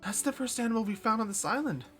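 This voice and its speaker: A man's voice: high voice, lively intonation, fast, fairly bright tone, soft background music, voice pushed up. A man voicing a brash young female police officer in a game, bossy and matter-of-fact.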